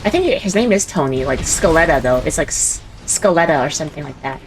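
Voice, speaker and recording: A woman's voice: low-pitched, expressive, fast talker, faint music behind. A woman playing a game with a friend, chatting casually and giggling often. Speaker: co-op player. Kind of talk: casual gaming chat.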